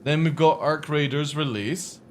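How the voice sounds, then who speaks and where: A man's voice: a little high, measured pace, a little hiss or hum. A man chatting casually to his chat while streaming a game, rambling and swearing freely.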